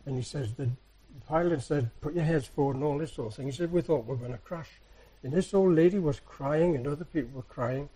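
Soft-spoken man telling church stories. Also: on the high side, a little fast, hardly any pauses, husky, poor audio. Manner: soft-spoken, rambling storyteller. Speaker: church speaker. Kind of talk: anecdotal sermon.

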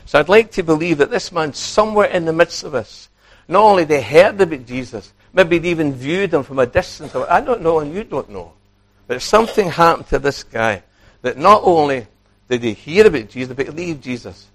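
A man delivers a sermon in a fairly high voice. He is animated, swings between quiet asides and raised emphasis, acts out quoted lines, and keeps putting questions to his congregation. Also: brisk. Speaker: preacher.

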